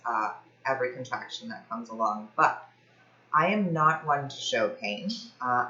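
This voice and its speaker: A young woman from Ohio chatting casually to camera, telling a personal story in a lively way, with lots of fillers. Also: extremely low pitch, reverberant, highs cut off. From Ohio, USA. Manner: chatty, animated, many fillers like "like". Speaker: fitness vlogger.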